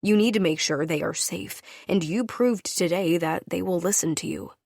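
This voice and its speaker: A woman voicing a gruff, brooding male wolf-shifter alpha in an audiobook, speaking curtly in a low, grim tone. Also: normal speed, darkish tone, dry recording, studio quality.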